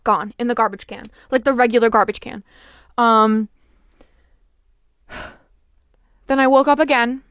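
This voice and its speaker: Young woman yapping through a storytime, animated and full of "like"s, clean smooth voice, dry sound. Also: a little high, a little slow, long pauses, no echo. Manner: chatty, animated, filler-heavy storytelling. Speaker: vlogger. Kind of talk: casual storytime chat.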